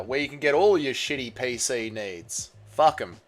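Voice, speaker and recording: A man's voice: medium pitch, moderate pace, hardly any pauses. A young Australian man livestreaming, casually reading his chat and bantering back with swearing and mock-patriotic ribbing. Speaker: streamer.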